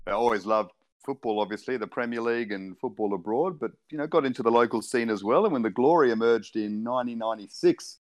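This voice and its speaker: A man, a sports broadcaster guesting on a casual podcast, speaking in a relaxed, articulate and measured way. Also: mid-range voice. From born in South Africa, raised in Perth.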